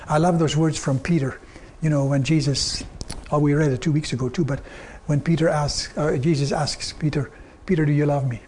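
An older man preaching a sermon, telling personal stories earnestly and quoting others in a softer, lower tone. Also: steady tone, normal speed, hardly any pauses, slight background noise. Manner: earnest storytelling, quoting God and people in softer lower tones.

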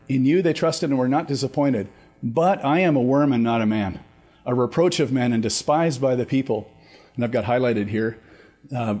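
A man's voice: mid-range voice, dark tone, slightly rough. A man teaching a Bible study, talking conversationally with fillers and restarts, and reading scripture aloud with rising emphasis.

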